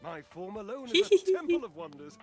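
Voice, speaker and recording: A vain, preening talking dryer from a video game, high and swooping all over as he boasts. He talks in florid, theatrical phrases, utterly pompous and in love with himself. Faint music plays under him. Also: wildly swooping pitch, fairly quick, a little mellow. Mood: self-admiring. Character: vain flamboyant male talking dryer, grandiose.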